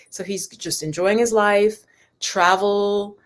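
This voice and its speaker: A woman hosting a relaxed live stream as a spiritual and yoga teacher. Her voice sits at an ordinary middle pitch. She chats on in a loose, rambling way and keeps turning to address her viewers directly. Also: unhurried. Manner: chatty and rambling, talks straight to the viewers.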